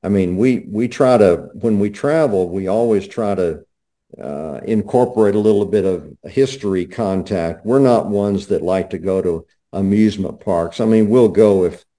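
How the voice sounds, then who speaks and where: An older man as an interview guest, speaking in a measured, reflective way. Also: on the low side, dark tone. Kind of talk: casual interview.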